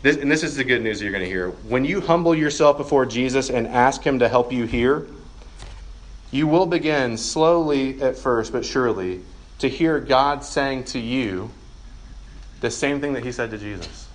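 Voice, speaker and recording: A man's voice: medium pitch, normal speed. A man preaching to college students as a campus minister, earnest and conversational, speaking in a meeting room. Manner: earnest and conversational, drops to soft prayer.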